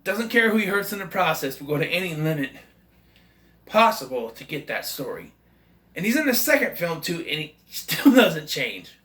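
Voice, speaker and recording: A man talks through a film in a casual, rambling review, full of enthusiasm and self-corrections. His voice is bright and sits a bit high. The room around him is noticeably echoey. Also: big pitch swings, moderate pace. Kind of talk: casual movie review monologue.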